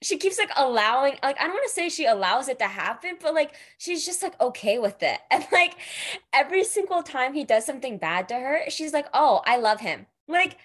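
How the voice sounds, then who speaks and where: A woman's voice: sits high, brisk. A young woman in casual chat about a book, filling nearly every phrase with "like" and acting out the characters' lines. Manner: says "like" constantly, animated retellings. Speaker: book discussion co-host.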